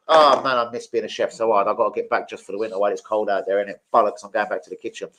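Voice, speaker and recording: A man's voice: fairly low pitch, racing, few pauses, low-quality recording. A young man, telling crude, swear-filled stories on a live stream. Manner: crude, swearing, animated storytelling. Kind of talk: casual live stream chat.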